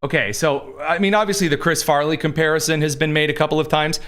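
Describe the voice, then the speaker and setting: A man's voice: on the high side, steady tone, fast talker, a bit bright. A man hosting a political commentary show, talking in a sarcastic, rambling way. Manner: sarcastic, digressive. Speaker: host.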